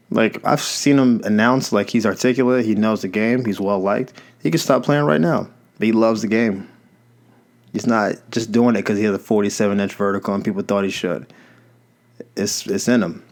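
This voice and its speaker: A man's voice: on the low side, a little mellow. A young man hosting a podcast, talking in a casual, reflective monologue that rambles and corrects itself. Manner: conversational, rambling, self-correcting. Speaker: podcast host. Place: Los Angeles.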